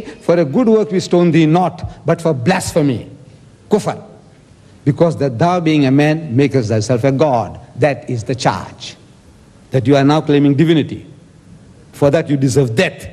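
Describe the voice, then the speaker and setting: A man's voice: fairly high pitch, moderate pace, mellow, long reverb tail. A man giving an emphatic debate speech, quoting scripture and asking rhetorical questions.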